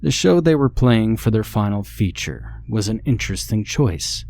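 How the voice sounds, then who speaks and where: Low-voiced man narrating a ghost story. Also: a little mellow, slight background noise. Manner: measured, matter-of-fact storytelling. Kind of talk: scripted horror narration.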